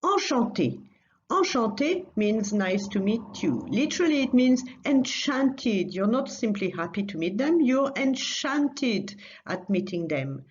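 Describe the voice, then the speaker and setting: Woman teacher taking it slow, repeats stuff for learners, bit muffled lo-fi sound. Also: fairly high pitch, big pitch swings, darkish tone. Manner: patient, repeats phrases slowly for learners. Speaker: language teacher. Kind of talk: recorded language lesson.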